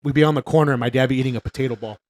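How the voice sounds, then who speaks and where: A man's voice: mid-range voice, fairly even intonation, very fast, darkish tone. A man from New York co-hosting a casual podcast chat, a blunt storyteller who swears freely and laughs often. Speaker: podcast co-host.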